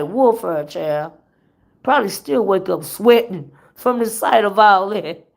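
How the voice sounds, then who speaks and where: A woman's voice: on the low side, gravelly. A woman hosting a casual gossip livestream, chatting to her viewers, laughing often and drawing out her exclamations, her voice still worn from being sick. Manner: animated, laughing, drawn-out exclamations. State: voice worn from illness. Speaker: livestream host reading chat.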